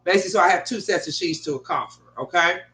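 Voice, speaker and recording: A middle-aged woman telling a rambling, animated story to her viewers at home, with heavy swearing. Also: fairly low pitch, very fast. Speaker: vlogger. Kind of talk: casual profane storytelling to viewers. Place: bedroom at home. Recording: echoey room.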